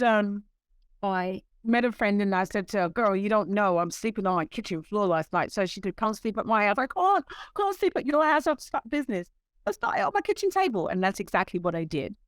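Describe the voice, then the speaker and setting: A woman interview guest telling stories in a lively way, acting out quoted voices. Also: mid-range voice, smooth, no echo. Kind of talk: storytelling in conversation.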